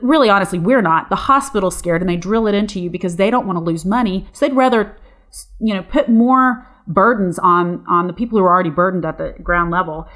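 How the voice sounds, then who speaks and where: A woman's voice: mid-range voice, fairly quick, a bit bright. A middle-aged woman, a nurse, talking passionately and with some frustration in a casual chat, often restarting her sentences.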